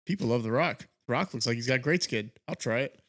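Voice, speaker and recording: A man co-hosting a podcast, chatting casually in a relaxed, matter-of-fact way. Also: medium pitch, brisk. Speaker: podcast co-host. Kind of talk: casual chat.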